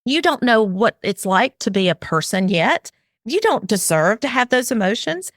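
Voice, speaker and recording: A woman's voice: a little high, big pitch swings, moderate pace, no echo, studio quality. A middle-aged woman, a parenting expert, talks earnestly in an interview and explains her advice, acting out what a parent might say. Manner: earnest and explanatory, acts out parent and child lines.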